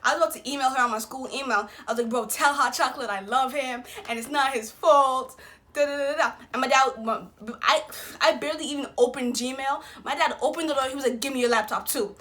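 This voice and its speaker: A young woman vlogger telling a personal story in a casual, slangy, animated way, acting out what people said. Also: high-pitched, fairly quick. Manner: slangy, animated retelling with quoted voices.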